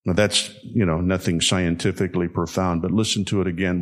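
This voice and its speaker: Guy preaching, lowish voice, folksy storyteller, slows way down to hammer a point. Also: fairly even intonation. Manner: folksy storytelling, repeats key lines slowly for emphasis. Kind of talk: sermon.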